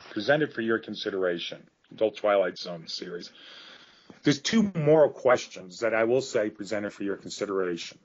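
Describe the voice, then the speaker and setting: A middle-aged man interviewed as an author, telling grave scenarios in an earnest voice that turns emotional. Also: medium pitch. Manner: earnest storytelling, growing emotional. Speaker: author guest. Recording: dull lo-fi audio.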